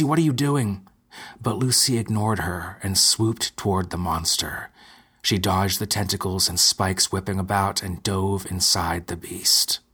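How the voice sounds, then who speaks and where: Husky, deep male narrator, measured delivery, dark fiction audiobook. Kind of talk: scripted narration.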